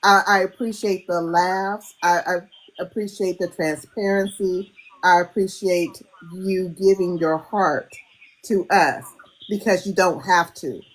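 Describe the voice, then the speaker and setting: A woman's voice: on the low side, steady tone, measured pace, poor audio. A woman hosting a podcast, earnest and grateful, close to tears as she talks. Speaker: podcast host. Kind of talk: casual podcast chat.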